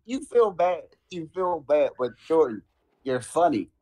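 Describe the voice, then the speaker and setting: A man's voice: a little high, sing-song, measured pace, darkish tone. A young man co-hosting a podcast, chatting casually and teasing his friends with dry remarks. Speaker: podcast co-host. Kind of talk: casual chat.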